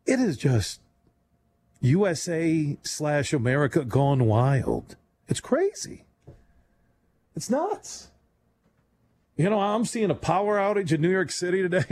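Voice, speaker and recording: A man hosting a late-night radio talk show, rambling and animated, laughing often as he talks. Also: a little high, slight background noise.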